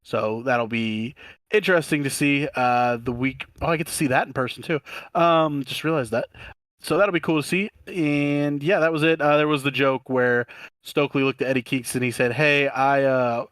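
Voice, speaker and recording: A mid-pitched man co-hosts a wrestling podcast in a loose, rambling recap style. He laughs often while quoting lines from the show. The sound is close and dry, with no room echo. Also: moderate pace, a bit bright. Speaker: podcast co-host. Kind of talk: casual wrestling recap chat.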